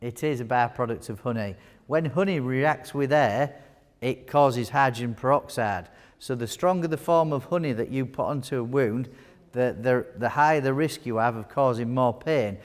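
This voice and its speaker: At a moderate pace and in a mid-range voice, a man presents a live wound care teaching talk as a nurse presenter. The setting is a large hall with an audience, captured with long reverb, and his style is chatty and jokey, with questions tossed to the crowd.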